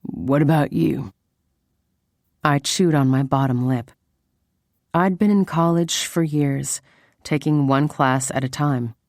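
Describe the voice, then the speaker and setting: A woman giving intimate, measured first-person audiobook narration. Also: low voice, a little mellow, dry recording, clean studio sound.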